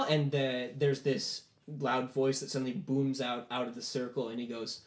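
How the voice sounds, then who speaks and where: A man's voice: medium pitch, little pitch movement, normal speed, few pauses. Casual male game master, roomy sound. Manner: casual storytelling with many "like" fillers. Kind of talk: narrating a tabletop game. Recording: roomy echo.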